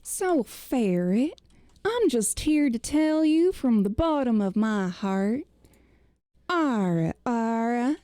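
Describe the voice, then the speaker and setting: A woman putting on an exaggerated, halting Southern drawl as a joke impression. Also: fairly high pitch, big pitch swings, warm tone, no room sound, clean studio sound. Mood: teasing.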